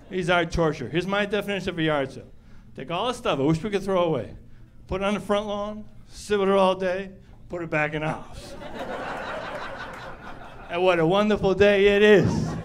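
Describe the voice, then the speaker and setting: A middle-aged man doing stand-up comedy on a club stage, animated and acting out the people in his stories. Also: high voice, a little hiss or hum. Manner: animated, acts out characters.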